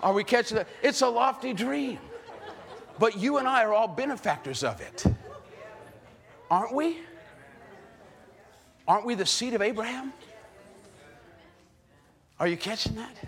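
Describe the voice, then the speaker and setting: Animated male preacher with a high voice. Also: a little hiss or hum. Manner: animated, rhetorical questions to the congregation. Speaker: pastor. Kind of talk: sermon.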